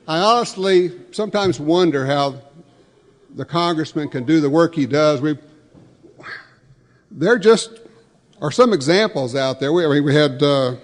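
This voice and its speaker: A man's voice: on the high side, in a large hall. A man emceeing an awards luncheon, introducing guests and telling folksy jokes with frequent restarts. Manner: folksy, with self-correcting restarts. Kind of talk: joke-telling emcee remarks. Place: large banquet hall.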